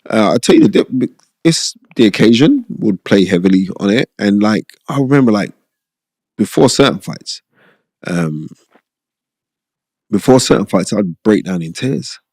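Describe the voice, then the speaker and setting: A middle-aged man talks in a low, gravelly voice that crackles with fry. He tells his stories with animated emphasis, circling back on phrases and checking in with his listener. The sound is dry and close, with no room around it. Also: unhurried, pauses often, no echo. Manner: animated, emphatic, repeats phrases for effect, frequent "you know what I mean". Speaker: podcast host sharing his boxing past. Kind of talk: conversational storytelling.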